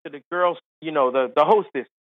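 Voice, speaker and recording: Podcast guest: a lively, high-voiced male storyteller on a dry, tinny phone line. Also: fairly quick, dry recording. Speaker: podcast guest, comedian and golf analyst. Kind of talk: animated anecdote telling.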